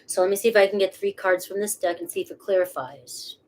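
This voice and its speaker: Chatty tarot reader with a Boston accent. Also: female voice, mid-range voice, fairly even intonation, fast talker. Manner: casual, chatty, swears freely. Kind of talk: live tarot reading.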